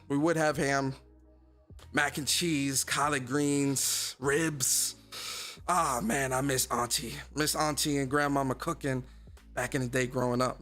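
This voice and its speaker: Hyped, slangy gaming stream host. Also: male voice, medium pitch, fairly bright tone. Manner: hyped, slangy, talks straight to his chat. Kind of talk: casual livestream chat.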